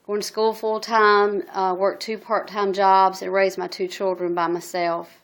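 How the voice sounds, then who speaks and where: A middle-aged woman speaks into her phone in a personal video testimony. Her pitch stays flat and narrow. She talks earnestly and haltingly, stopping often on "um" and restarting her sentences. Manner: halting, many ums and restarts; earnest and emotional. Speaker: single mother telling her story.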